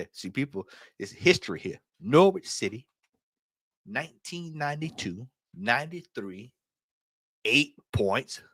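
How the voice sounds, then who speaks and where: A man hosting a casual late-night fan livestream, reading aloud and talking to his chat in an animated way. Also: medium pitch, no echo, studio quality. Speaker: fan channel host.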